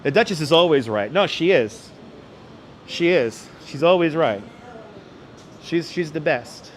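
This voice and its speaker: A man's voice: a little high, animated, measured pace, a little hiss or hum. Effusive man thanking viewers on a street. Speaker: livestream host. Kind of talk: walking livestream chat. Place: outdoors on city streets. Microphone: wireless clip-on mic.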